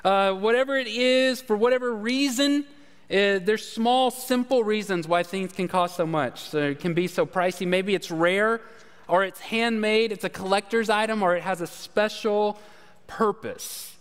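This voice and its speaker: A pastor with a high-sitting, clean-toned voice tells a folksy, self-deprecating story during his sermon, speaking at a measured pace. He fills it with fillers and "all right?" asides, and a long hall reverb trails his words.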